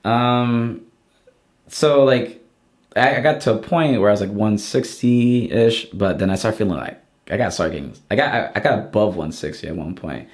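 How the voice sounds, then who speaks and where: A man's voice: lowish voice, normal speed. A young adult man, a podcast guest, chatting casually and rambling with many restarts. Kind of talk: casual chat.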